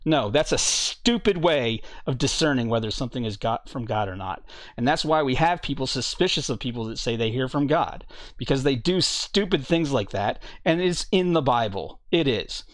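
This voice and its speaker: A man's voice: mid-range voice, animated, normal speed, no room sound. A man giving a bible teaching, reading verses aloud and commenting on them plainly. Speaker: preacher.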